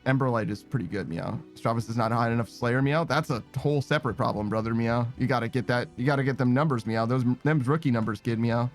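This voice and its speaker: A young man streaming a game, chatting casually and rambling, ending nearly every phrase with a quick "meow" and swearing now and then. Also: mid-range voice, faint music behind. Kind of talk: casual gaming stream chat.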